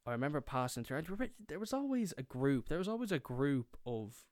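A man's voice: on the high side, very animated, a little fast, no room sound, studio quality. A young man with an Irish accent telling a comic story, swearing a lot and acting out the people in it. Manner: swears a lot, acts out his younger self and friends.

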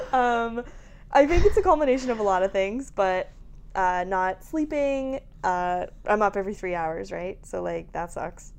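A woman's voice: medium pitch, unhurried, vocal fry, smooth. A woman in her thirties, a mother of babies, telling a candid story in casual chat with lots of laughs and frank swearing. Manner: animated storytelling, laughing, swearing, acting out quotes.

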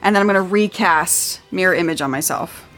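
A woman playing a tabletop game, stating her moves in a matter-of-fact, deliberate way. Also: fairly low pitch, fairly bright tone, faint music behind. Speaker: player.

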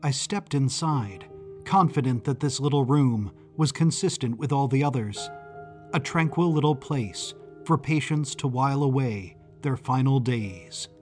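Slow, suspenseful male narrator. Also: medium pitch, expressive, a little mellow, faint music behind. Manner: measured, suspenseful storytelling. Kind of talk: scripted first-person narration.

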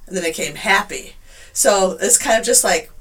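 A woman's voice: mid-range voice, animated, moderate pace, fairly bright tone, distant mic. A woman in casual podcast chat, giving supportive replies and sharing her own story. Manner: supportive listener with short agreeing replies.

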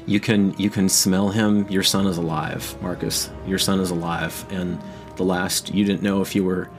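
A man runs a tabletop game, narrating scenes with dramatic, unhurried weight and frequent restarts. His voice sits very low. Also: little pitch movement, over music. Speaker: game master.

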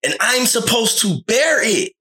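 Animated high-voiced man acting out quotes. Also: unhurried. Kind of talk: casual chat.

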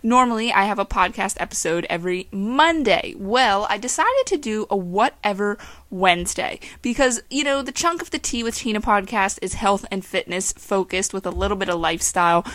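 A woman's voice: medium pitch, animated, normal speed, no echo. A young woman from western Pennsylvania with a faint Pittsburgh accent, hosting her own podcast in a casual, rambling, chatty way with frequent laughs. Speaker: podcast host.

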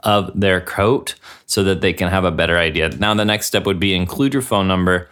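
Deep-voiced rambling deadpan male host. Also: brisk, clean tone. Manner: rambling, deadpan, filler-heavy. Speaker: radio show host. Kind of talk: comedic mock radio show.

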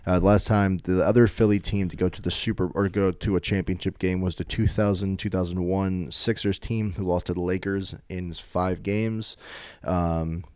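A man's voice: deep voice, steady tone, normal speed, darkish tone, smooth, no room sound. A young man from the Philadelphia area in casual chat, skeptical and dry, recounting sports history.

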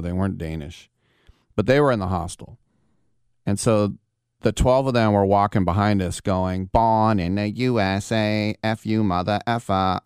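A deep, gravelly male radio host talks into a studio mic. His voice is smooth and resonant. The room is dry, and he tells a long, rambling story with asides. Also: darkish tone, no echo. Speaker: radio sports talk host. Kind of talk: casual radio monologue.

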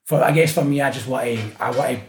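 Scottish man, glasgow area accent, podcast guest, animated storyteller, swears freely, middle pitch, echoey room. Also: fast, a little hiss or hum. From Scotland. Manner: animated storytelling, swears often, acts out quotes. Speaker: guest, street artist. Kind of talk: casual podcast chat.

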